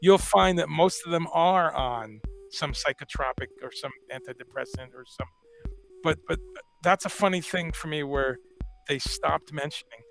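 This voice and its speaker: A man chatting as a guest on a video call, animated and emphatic, often repeating words as he talks. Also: on the high side, normal speed, creaky. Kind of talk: casual chat.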